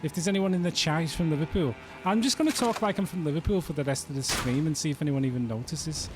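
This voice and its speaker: A man's voice: fairly high pitch, fast talker, music in the background. A man from the north of England, chatting casually and rambling with jokes while streaming a game. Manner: rambling, joking, chuckles often. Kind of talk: casual chat while playing a game live.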